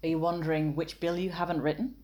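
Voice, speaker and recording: A woman explaining copywriting in a measured, analytical way, with wry asides. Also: low-pitched, little pitch movement, a little mellow. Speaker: copywriting teacher and author.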